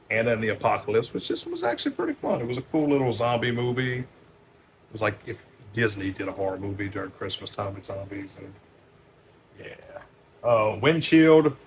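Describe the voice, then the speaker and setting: A man running casually through a stack of movies as a store owner, loose and profane, with many fillers and sudden louder bursts on each title. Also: fairly low pitch, slight background noise.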